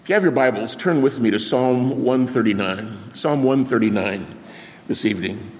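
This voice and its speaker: Older preacher in a reverberant hall. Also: male voice, mid-range voice, moderate pace, a little hiss or hum. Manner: animated anecdote with sound effects and acted-out quotes. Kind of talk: storytelling sermon. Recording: long reverb of a large hall.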